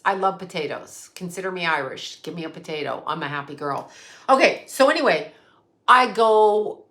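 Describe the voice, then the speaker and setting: A woman's voice: on the low side, expressive, normal speed, fairly bright tone. A woman hosting a casual livestream, chatting straight to her viewers in a rambling, profane way. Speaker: psychic medium livestream host.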